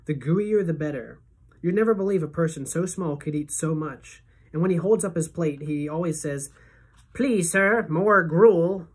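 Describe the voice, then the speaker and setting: A woman teacher reading a novel aloud to her class as a first-person narrator, steady and expressive. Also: deep voice, moderate pace, husky.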